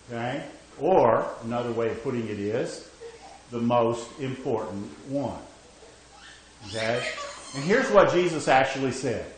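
A man's voice: mid-range voice, heavy reverb, a little hiss or hum, low-quality recording. A man preaching a sermon, emphatic, checking in with his listeners with "okay?" as he goes. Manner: emphatic, rising and falling, frequent "okay?" check-ins.

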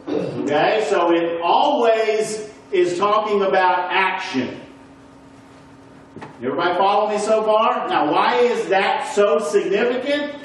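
A man's voice: high-pitched, a little hiss or hum. A man teaching a Bible lesson to a congregation, who keeps checking in with his listeners and asking them questions. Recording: echoey room recorded from a distance.

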